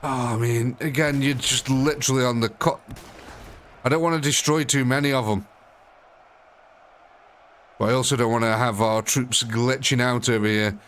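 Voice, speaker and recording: A man's voice: mid-range voice, fairly even intonation, moderate pace, long pauses, a bit bright. A man commentating a live strategy game, chatty and thinking aloud, often talking straight to the units on screen. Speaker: gaming streamer.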